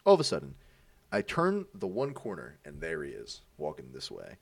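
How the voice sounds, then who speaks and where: A man's voice: extremely low pitch, normal speed, creaky, dry recording, far from the mic. A young man in a podcast chat, telling a story with lots of swearing and acted-out quotes. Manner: animated, acts out quoted voices, swears a lot.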